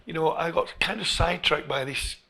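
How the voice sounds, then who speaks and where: A middle-aged English man, a football coach being interviewed, who tells stories in an animated way and often restarts his phrases. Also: a little high, fairly quick, gravelly. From England. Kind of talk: storytelling interview.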